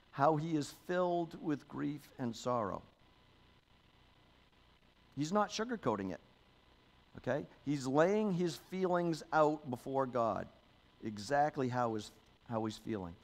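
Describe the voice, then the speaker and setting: A man, a pastor, giving a sermon in a conversational style, often adding "okay?" and "you know", and reading scripture aloud with emphasis. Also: on the high side.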